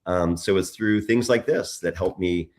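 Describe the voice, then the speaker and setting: A man's voice: sits low, measured pace. A middle-aged man, a political candidate being interviewed, telling stories with lots of restarts and repeated words. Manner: animated storytelling, frequent restarts. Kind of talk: conversational interview.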